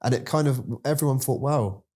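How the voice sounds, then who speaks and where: A man's voice: medium pitch, a little fast, a little mellow, slightly rough. A man hosting an interview, prompting his guest with encouraging questions. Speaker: podcast host. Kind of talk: interview chat.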